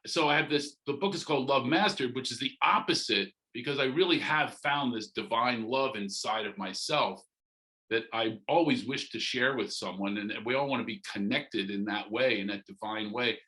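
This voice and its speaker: A middle-aged man, a comedian guest on a podcast interview, joking and animated, leaping into loud comic asides. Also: mid-range voice, poor audio.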